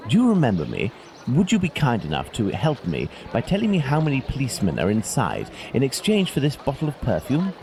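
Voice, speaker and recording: An actor playing a calm, clever male detective who speaks politely and reasons aloud in a game. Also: mid-range voice, fairly quick, a little hiss or hum. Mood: composed.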